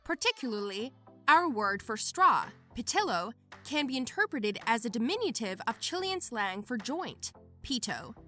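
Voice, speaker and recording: A woman narrating Reddit posts as a lively scripted storytelling read. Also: a little high, moderate pace, faint music behind.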